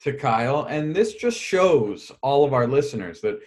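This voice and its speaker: A man's voice: medium pitch, very animated, moderate pace, a little mellow. A man co-hosting a podcast in casual, easygoing chat, laughing now and then. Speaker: podcast co-host.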